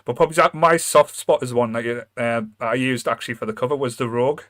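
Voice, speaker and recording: A man's voice: medium pitch, steady tone, fast, a crowd in the background. A North East English man hosts a podcast in a loose, rambling way. He talks casually, restarts his sentences often and pokes fun at himself. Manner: rambling, self-deprecating, full of restarts. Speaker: podcast host. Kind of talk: casual chat.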